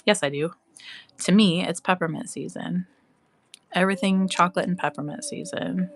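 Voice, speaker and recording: A woman's voice: on the low side, moderate pace, creaky. A woman chatting casually on a live craft stream, cooing and squealing with delight as she works. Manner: bubbly, coos and squeals over her craft.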